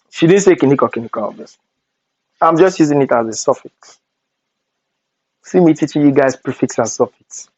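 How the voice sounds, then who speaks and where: Lively Nigerian young man telling stories. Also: on the high side, moderate pace, long pauses, no room sound, highs cut off. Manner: animated storytelling with Pidgin asides. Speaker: vlogger. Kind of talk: storytime vlog.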